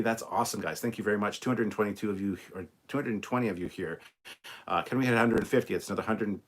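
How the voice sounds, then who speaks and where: A low-pitched British man hosts a casual livestream, reacting to an episode and thanking his viewers. He talks in an excited, rambling way, full of ums and quick laughs. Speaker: livestream host.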